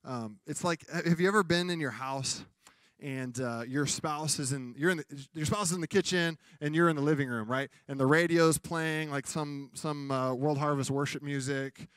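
A man's voice: a little high, moderate pace, a bit bright, no room sound. Conversational preacher man, light dry voice. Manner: conversational preaching with comic acted-out quotes. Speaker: pastor. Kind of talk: sermon. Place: church.

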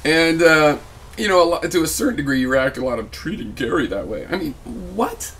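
A man's voice: a little high, fast, fairly bright tone. A man giving a casual spoken video reply, rambling with many fillers and restarts and growing heated and argumentative. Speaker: video blogger.

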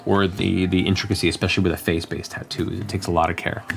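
A man's voice: low-pitched, level tone, quick pace, gravelly, a little hiss or hum. A man narrating scenes as a game master, describing at length and calling for rolls. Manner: descriptive, with many fillers and restarts.

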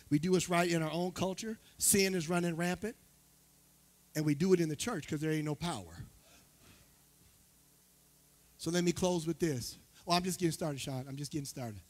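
A man preaching as pastor to his church, loud at times, calling on members of the congregation by name. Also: high-pitched. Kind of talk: sermon.

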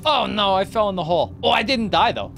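A woman's voice: mid-range voice, animated, fast talker, vocal fry, fairly bright tone, a little hiss or hum. A young woman streaming a horror game, panicking, swearing and laughing as she plays.

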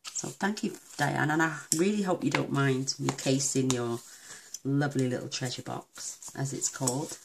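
A woman's voice: a bass voice, fairly even intonation, moderate pace, vocal fry, background noise. A woman from the UK demonstrating a papercraft project step by step, chatty and affectionate as she works. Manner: chatty and affectionate, talks while working. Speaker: craft demonstrator. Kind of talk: casual crafting tutorial.

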